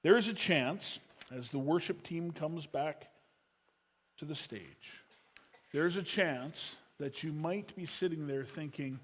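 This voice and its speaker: A middle-aged man preaching a sermon as pastor, telling stories that swing from loud urgency to a quiet hush. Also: a little high, slow pace, breathy edge.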